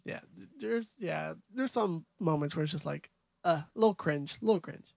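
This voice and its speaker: A man's voice: fairly high pitch, moderate pace, vocal fry, darkish tone, dry recording. A man co-hosting a podcast, casually recapping a movie's scenes from his notes. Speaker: podcast co-host.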